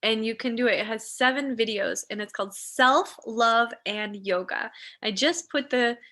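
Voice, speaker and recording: Woman, spiritual host, live stream, soft devotional blessings, bright tone, fairly high voice. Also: moderate pace. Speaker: spiritual teacher and ceremony host. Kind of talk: live-streamed meditation ceremony.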